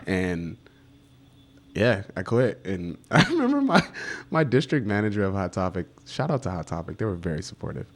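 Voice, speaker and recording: A man with a low voice talks through his path into photography in a relaxed interview. He slips into livelier imitations of the people he quotes as he tells it. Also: moderate pace. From United States. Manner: animated storyteller acting out quoted voices. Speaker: guest photographer. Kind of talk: casual storytelling interview. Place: studio set.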